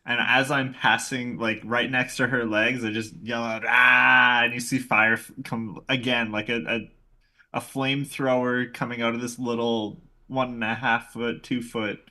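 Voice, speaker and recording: A man playing a tabletop game, slowly and vividly describing his character's actions. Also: medium pitch, flat delivery, sharp tone. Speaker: player. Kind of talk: tabletop role-play.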